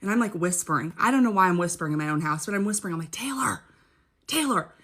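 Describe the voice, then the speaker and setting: A woman's voice: on the low side, racing, fairly bright tone. A young woman casually telling a personal story, chatty and dramatic, often checking in with her listener. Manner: chatty, keeps checking in with "okay?".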